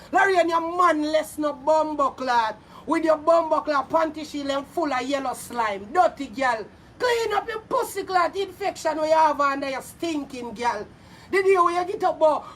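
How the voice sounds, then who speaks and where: Loud, cursing Jamaican woman with a high voice. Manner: loud, profane, insulting, often shouting. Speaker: vlogger. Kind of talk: angry social media rant. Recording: voice a little far from mic, faint background noise.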